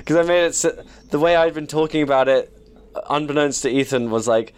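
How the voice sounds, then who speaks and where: A man's voice: medium pitch, fairly even intonation, normal speed, pauses often, clear, resonant tone. A young man in his twenties, casual chat as podcast co-host, telling rambling self-deprecating stories with many restarts.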